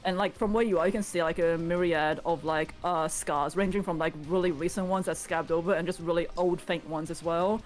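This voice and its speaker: A woman's voice: on the low side, steady tone, fairly quick, few pauses. A woman narrating as game master of a tabletop game, in a chatty, descriptive way with lots of fillers.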